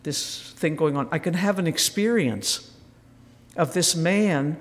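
A man giving a reflective spiritual retreat talk, telling stories gently with soft asides. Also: on the high side, slow pace. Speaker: retreat speaker. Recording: roomy hall with faint noise.

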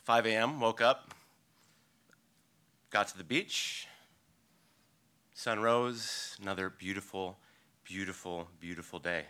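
A man with a lowish, bright, forceful voice tells a true story of his own live before an audience. He talks in a vivid, halting way, rising into eager bursts and then dropping to hushed, careful phrases. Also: clean tone. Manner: vivid, halting retelling that swings between excited and hushed. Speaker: storyteller, local surfer. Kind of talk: personal story told live on stage.

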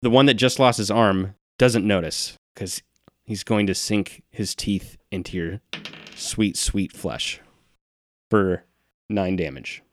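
A man running a tabletop game as game master, narrating the action in a relaxed, descriptive way between casual banter with his players. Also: on the low side, slow, dry recording.

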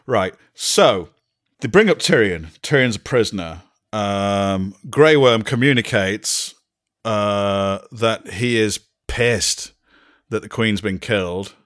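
A man's voice: on the low side, expressive, takes it slowly, a bit bright. A man co-hosting a podcast, recapping a show in casual chat with exasperated sarcasm and acted-out lines. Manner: exasperated, mocking, acts out characters' lines. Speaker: podcast co-host.

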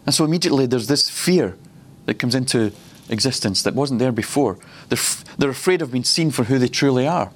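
A man's voice: mid-range voice, animated, a little fast, few pauses, husky. A man preaching at a ministry school, personal and reflective, often laughing between points.

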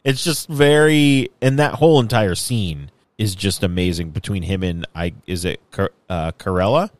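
A man with a low voice recounts scenes at an easy pace on a casual podcast and chuckles along the way. His recording sounds dry and close, with no room echo. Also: moderate pace. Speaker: podcast co-host. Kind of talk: casual fan chat.

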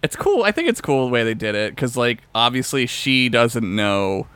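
A man's voice: medium pitch, very animated, normal speed, a bit bright, smooth, no echo. A man co-hosting a casual podcast, rambling with lots of fillers and swearing. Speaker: podcast co-host.

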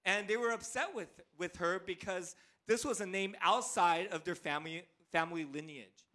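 Bright, high-voiced animated male preacher. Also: moderate pace. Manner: animated, playful storyteller. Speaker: pastor. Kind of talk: sermon with personal storytelling.

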